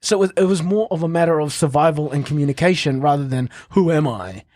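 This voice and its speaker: A man's voice: a little high, fast talker, darkish tone, dry recording, clean studio sound. A man with a New Zealand accent, a guest and actor, talking earnestly and reflectively in a casual podcast chat.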